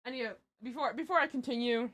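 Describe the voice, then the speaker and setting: A woman's voice: on the high side, quick pace, fairly bright tone. A young woman answering questions on a casual live stream, rambling and giggly with many fillers and restarts. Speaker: streamer and project creator.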